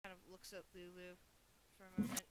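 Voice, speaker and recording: A woman narrating a tabletop game as game master, relaxed and self-deprecating. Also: lowish voice, fast talker, heavy background noise.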